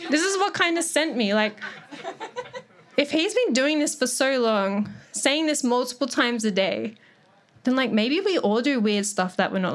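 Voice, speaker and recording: A woman's voice: fairly high pitch, fairly bright tone. Rambling young woman doing stand-up. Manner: loose and rambling, heavy on "like", swears freely, often laughing. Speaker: comedian telling a story. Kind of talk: casual stand-up storytelling. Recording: live audience laughing. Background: audience laughter.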